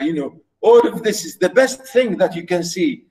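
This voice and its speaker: A man giving a university lecture on poetry, reading verse aloud slowly and often repeating himself with fillers. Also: high-pitched, lively intonation, darkish tone, low-quality recording. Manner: slow, with frequent repetitions and fillers.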